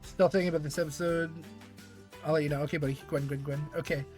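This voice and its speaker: A man with a high, bright-edged voice hosts a live stream, cracking jokes and swearing freely as he recaps. Faint music plays quietly beneath his talk. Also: steady tone, quick pace. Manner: profane, joking, laughs often. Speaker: streamer host. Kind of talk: casual live-stream commentary.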